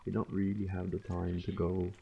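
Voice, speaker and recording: A game developer guest talking casually and haltingly, with plenty of restarts. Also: male voice, sits low, completely flat delivery, gravelly, slightly rough, lo-fi sound. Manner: halting, laid-back. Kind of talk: casual chat.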